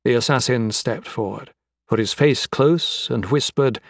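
A man narrating a fantasy novel as an audiobook in a measured, dramatic reading. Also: mid-range voice, no echo, studio quality.

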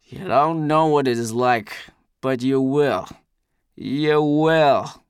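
A man's voice: mid-range voice, slow, clean tone, dry recording, studio quality, lightly acted. A man voicing a snarling drunken old ship leader. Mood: mocking. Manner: mocking, snarling. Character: bitter drunken older male ship leader.

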